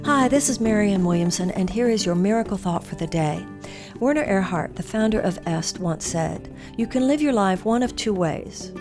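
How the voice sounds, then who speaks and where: A woman giving an inspirational talk, earnest and animated as she tells a story. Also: medium pitch, normal speed, music in the background. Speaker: spiritual teacher.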